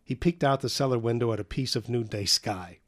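A man's voice: medium pitch, fairly quick. A man reading a novel aloud in a dry, wry way. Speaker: narrator.

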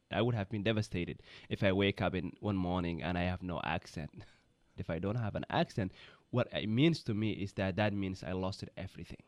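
A man whose first language is not English, speaking calmly and reflectively in an interview, with soft fillers. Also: low voice, no room sound.

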